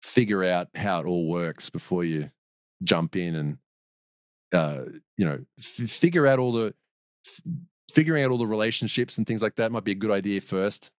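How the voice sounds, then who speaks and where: A man's voice: low voice, moderate pace, no echo. Man telling stories, dry close sound. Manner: rambling, with restarts and laughs. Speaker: podcast guest. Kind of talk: casual storytelling.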